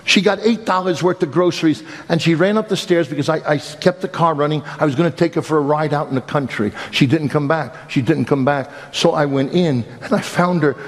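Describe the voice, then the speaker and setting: A male preacher voicing a grief-stricken man who slowly recounts a killing, in a halting, stunned way. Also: fairly high pitch, big-room sound, close to an everyday voice.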